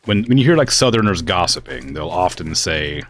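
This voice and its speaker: This man from the US West Coast chats while gaming on stream, his low-pitched, fairly bright voice swinging widely in pitch at a moderate pace. He wanders through filler-heavy talk and sounds fed up with his family.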